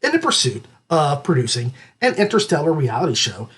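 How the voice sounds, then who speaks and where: Husky, animated male podcast host. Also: a little high, a little fast. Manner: excitable, rambling, jokey, with many restarts. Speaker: podcast host reviewing audiobooks. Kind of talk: casual review chat.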